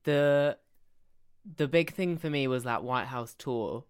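A man co-hosting a casual chat podcast, playful and quick to chime in with agreement. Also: medium pitch, clear, resonant tone. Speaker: podcast co-host.

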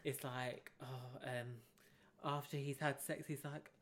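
A man's voice: medium pitch, little pitch movement, fairly bright tone. A young man from England, a podcast guest chatting in a camp, cheeky way. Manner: camp, cheeky, quick to laugh. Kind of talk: casual chat.

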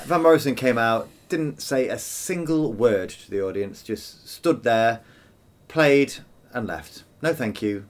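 A man co-hosting a casual album review chat, dry and opinionated with a teasing streak. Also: mid-range voice. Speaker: podcast co-host.

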